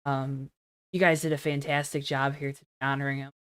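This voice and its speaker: Low smooth-voiced woman doing a post race interview, friendly and reassuring, dry close sound. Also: little pitch movement, normal speed, no echo. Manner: friendly, reassuring, rambling questions.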